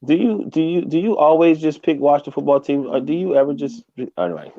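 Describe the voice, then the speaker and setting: A man guest in a casual sports chat who talks in a loose, halting way and laughs easily. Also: a little high, expressive, warm tone. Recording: dull lo-fi audio.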